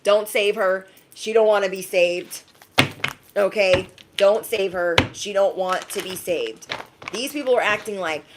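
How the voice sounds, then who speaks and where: A woman giving a casual, emphatic live-stream reading, chatty and quick to laugh. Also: mid-range voice, noisy background. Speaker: tarot reader.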